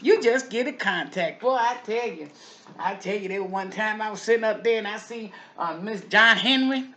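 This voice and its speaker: A woman's voice: medium pitch, moderate pace, bright, forceful tone, natural voice. A woman playing a gossipy, nosy neighbor lady who watches the street from her window, in a folksy, chatty comic monologue full of repeated asides. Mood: musing.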